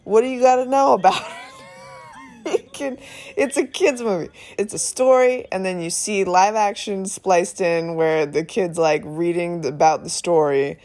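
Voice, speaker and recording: A woman in her thirties reviewing a film in a phone voice memo, talking in an excited, rambling way and swearing often. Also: on the low side, moderate pace. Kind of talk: casual voice memo rant.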